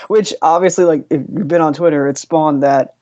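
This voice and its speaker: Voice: medium pitch, unhurried, darkish tone, no echo. Rambling podcast guest on a dull lo-fi mic. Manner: rambling, giggly, filler-heavy. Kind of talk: casual chat.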